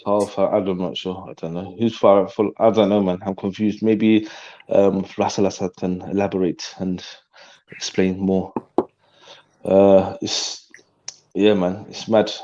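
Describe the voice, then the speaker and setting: A man's voice: low-pitched, flat delivery, unhurried, warm tone. Brief: man, stream host, loose slangy rambling chat, muffled lo-fi sound. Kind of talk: casual live chat. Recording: dull lo-fi audio.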